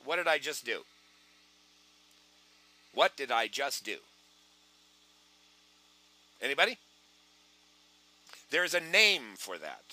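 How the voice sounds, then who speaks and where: A man giving an online sales training talk, acting out both sides of phone calls with animated energy. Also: medium pitch, takes it slowly, long pauses.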